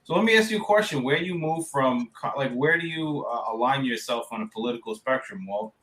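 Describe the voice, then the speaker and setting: Casting: male podcast co-host, bright tone, casual and direct. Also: medium pitch, a little fast. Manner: casual, asks direct questions.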